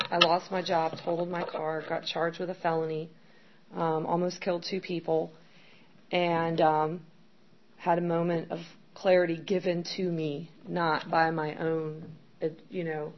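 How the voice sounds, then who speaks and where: Woman, middle-aged, personal testimony, candid and rambling, slight hiss behind. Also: fairly low pitch. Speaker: speaker sharing her recovery story. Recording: dull lo-fi sound with faint background noise.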